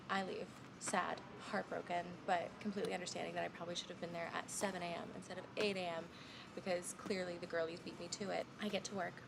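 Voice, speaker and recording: A woman's voice: lowish voice, little pitch movement, fast talker. A woman in her late twenties telling stories in a chatty, casual vlog. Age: late 20s. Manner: chatty storytelling, hushed asides. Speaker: vlogger. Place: in a store, at work, at home. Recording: phone vlog with clear background noise.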